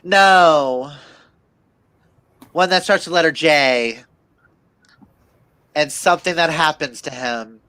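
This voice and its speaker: A man's voice: fairly high pitch, a little slow, pauses often, bright, forceful tone, smooth, dry recording. A man hosting a casual video call chat, telling stories with acted-out quotes. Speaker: host.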